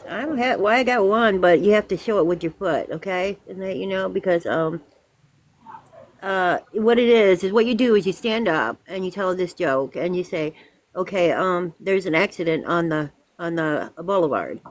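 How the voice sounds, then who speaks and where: A woman's voice: mid-range voice, moderate pace, no room sound, poor audio. A woman joining a casual group chat, playful and joking.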